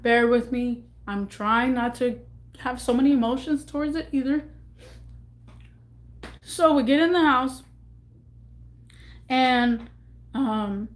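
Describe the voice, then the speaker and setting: A young woman vlogger telling an emotional storytime, halting and repeating herself as she rambles through it. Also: fairly high pitch, fairly even intonation.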